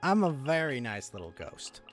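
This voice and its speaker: Streamer host, male, dry teasing humor, animated swoops in pitch, faint music bed. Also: normal speed. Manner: dry, teasing, jokey asides. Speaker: vtuber host. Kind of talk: casual chat.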